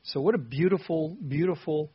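A man with a somewhat husky voice preaches a sermon in a relaxed, conversational way. He walks through a psalm and speaks its prayers aloud as if in the writer's own voice. The recording sounds slightly dull and lo-fi. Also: a little high, normal speed. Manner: conversational Bible teaching, voicing the psalmist's prayers with rising emotion. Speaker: pastor.

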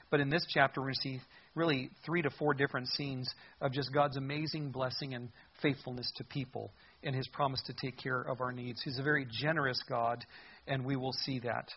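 A man with a husky, slightly breathy voice preaches a sermon in an earnest, conversational manner. The recording sounds dull and lo-fi. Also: medium pitch. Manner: earnest, conversational, reads scripture aloud. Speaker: pastor. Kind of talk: expository sermon.

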